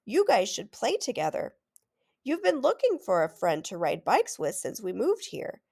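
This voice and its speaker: A woman's voice: medium pitch, wildly swooping pitch, moderate pace, vocal fry, darkish tone, exaggerated voice. A woman reading aloud, voicing a cheerful, friendly father in a jovial way.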